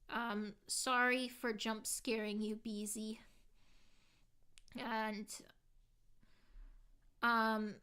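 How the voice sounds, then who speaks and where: A woman's voice: fairly high pitch, level tone, extremely slow, pauses often, bright, forceful tone, clean tone. A woman streamer in casual live chat, reading her viewers' comments aloud and answering them earnestly, saying "like" a lot. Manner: earnest, heartfelt.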